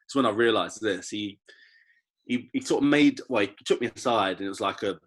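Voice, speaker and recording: A man in his twenties, a professional athlete, speaking as a guest in a casual podcast interview, reflective and animated when he tells stories. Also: lowish voice, fairly quick. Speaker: guest, professional rugby player.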